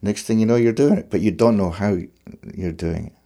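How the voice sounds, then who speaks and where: Male musician, deep and mellow voice, reflective and searching; conversational. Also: brisk. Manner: thoughtful, searching for words. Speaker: fiddler.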